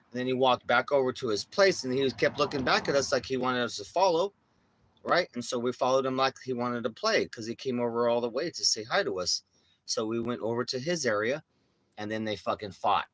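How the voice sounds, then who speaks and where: A man's voice: medium pitch, animated, brisk, fairly bright tone, slight background noise. A young man chatting casually in a vlog, telling rambling, profane stories outdoors. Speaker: vlogger. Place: outdoors on a city street with his dog.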